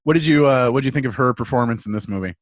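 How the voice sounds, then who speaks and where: A man's voice: mid-range voice, rapid-fire, dry recording. A man hosting a casual podcast, cracking dry jokes and laughing often while steering the talk. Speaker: podcast host. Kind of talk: casual chat.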